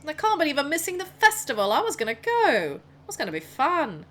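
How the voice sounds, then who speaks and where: A woman voicing a weary, sardonic male captor who mutters his lines low and tired. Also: wildly swooping pitch, fairly quick, fairly bright tone, a little hiss or hum, full character voice.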